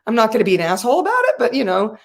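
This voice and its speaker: A woman's voice: on the high side, huge pitch swings, rapid-fire. A woman speaking as a guest on a talk show, telling a personal story with animation, often laughing and acting out the voices of people she quotes. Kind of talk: conversational storytelling.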